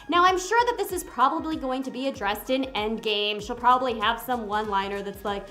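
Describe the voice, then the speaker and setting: Bright, high-voiced animated woman reviewer. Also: faint music behind. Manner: animated and exclamatory, breaks into quick impressions; chatty, addresses viewers directly. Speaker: movie reviewer. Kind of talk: casual movie review to camera.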